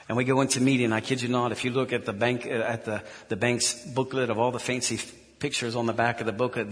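Brief: male pastor, lowish voice, earnest sermon storytelling, echoey church hall. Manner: earnest storytelling with frequent restarts.

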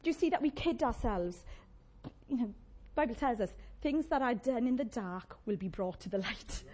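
A woman preaching a sermon, animated and conversational, with playful asides to the congregation. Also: on the high side, moderate pace.

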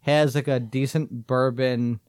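A man co-hosting a casual podcast, talking in a rambling, halting way with lots of fillers. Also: mid-range voice, steady tone, a little mellow, smooth, dry recording, clean studio sound. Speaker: podcast co-host. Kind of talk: casual chat.

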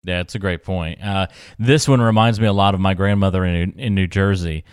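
Low-voiced male podcast co-host. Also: a little fast, clean tone, no echo, clean studio sound. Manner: relaxed storytelling, laughs easily. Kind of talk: casual podcast chat.

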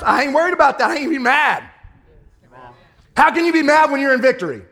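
A man preaching a sermon, swinging from loud triumphant shouts to hushed, laughing storytelling. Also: very high-pitched, vocal fry, in a large hall. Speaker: pastor.

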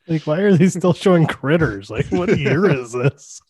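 A male podcast co-host chats casually about movies, rambling, saying "like" constantly and laughing often. His voice is fairly high, husky and a little mellow, and the studio sound is clean with no echo.

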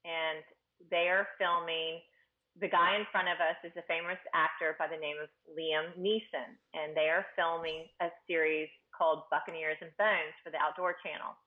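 A woman from Houston chats as an interview guest, spinning a rambling anecdote full of restarts. Her voice sits a little low. It comes through a narrow, phone-like line. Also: level tone, moderate pace. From Houston, Texas. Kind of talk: storytelling in a casual interview.

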